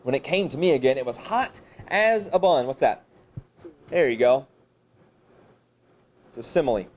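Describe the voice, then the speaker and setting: A man presenting a teacher training session to a live audience, thinking aloud and asking and answering his own questions. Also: moderate pace. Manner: animated, jumps high in pitch for emphasis. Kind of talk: professional development workshop talk. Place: high school room with an audience. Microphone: camera recording a live session.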